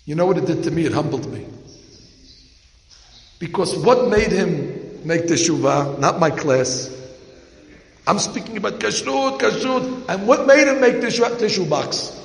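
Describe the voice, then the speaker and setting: A rabbi preaching to a congregation, his fairly high voice gravelly and rough. He tells stories animatedly and acts out the dialogue. The sound rings through a large hall with a long reverb. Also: expressive, unhurried, long pauses. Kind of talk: sermon with storytelling.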